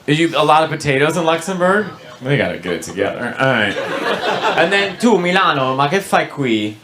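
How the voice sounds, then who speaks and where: Stand-up comic, male, higher voice with lively swings, teasing crowd work; live show, heavy audience noise. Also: a little fast. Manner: playful and teasing, animated. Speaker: stand-up comedian.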